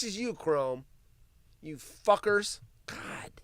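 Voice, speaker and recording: Stream host, slow-talking, profane rants, laughs while reading news, dry close sound. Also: mid-range voice, very animated, bright, forceful tone, clean tone, dry recording. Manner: profane ranting and mocking asides. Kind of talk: solo live-stream commentary.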